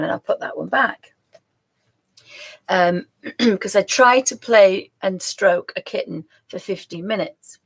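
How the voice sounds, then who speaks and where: Woman, middle-aged, gravelly fry, rambling casual live-stream chat. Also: mid-range voice, a little slow. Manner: rambling and chatty, with laughs and apologies. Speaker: host of a live crafts show.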